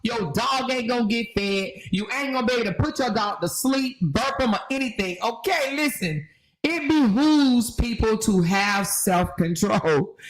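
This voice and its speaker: A woman hosting casual commentary, talking in an animated, slangy way and laughing often. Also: on the high side, normal speed, low-quality recording. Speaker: host.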